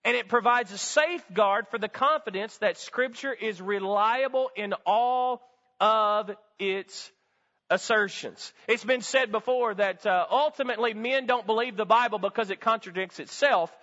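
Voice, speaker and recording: A man with a high voice preaches in a church sanctuary, leaning on emphatic call-and-response and rhetorical questions. The recording is a bit muffled, and his voice trails off into a long hall reverb. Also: normal speed, pushed and bright. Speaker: pastor. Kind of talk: sermon.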